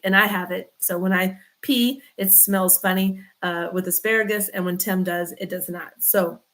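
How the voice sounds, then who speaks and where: A woman, a chiropractor chatting casually on a livestream, rambling and greeting viewers by name. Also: on the low side. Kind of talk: casual livestream chat reading comments.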